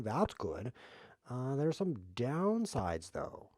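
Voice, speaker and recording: A man talks through his own chess moves on a live stream, cracking jokes at his own expense and laughing along the way. His pitch jumps around animatedly. The sound is dry and close, with no room in it. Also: sing-song, slow pace, a little mellow, no room sound. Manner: jokey self-mocking play-by-play, laughs often. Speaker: streamer playing chess variants. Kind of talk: casual live game commentary.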